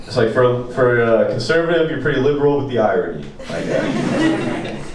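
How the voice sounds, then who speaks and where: A man's voice: medium pitch, huge pitch swings, normal speed. A young man from rural Pennsylvania doing a loose, profane, self-mocking stand-up set. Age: young adult. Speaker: stand-up comedian. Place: small apartment comedy show. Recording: echoey room, distant, noisy.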